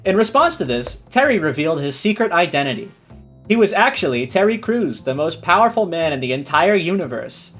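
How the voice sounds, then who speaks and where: A man streamer reading a silly story aloud and chatting with his viewers, animated and giggly. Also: on the high side, brisk, soft background music. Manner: animated, giggly, breaks into laughs.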